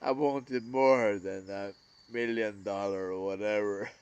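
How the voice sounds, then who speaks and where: A man vlogging an emotional, rambling monologue about missing his brother, swearing and swinging between loud outbursts and hushed murmurs. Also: on the low side, fairly even intonation, unhurried, clean tone, no room sound.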